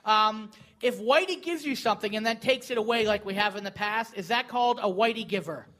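High-voiced quick host guy, blunt, swears a lot. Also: a bit bright, a little hiss or hum. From Canada. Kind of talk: casual chat.

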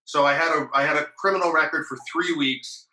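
A man's voice: a little high, steady tone, a little fast, sharp tone, reverberant, low-quality recording. A man, a podcast host, telling a rambling story in casual chat, swearing freely.

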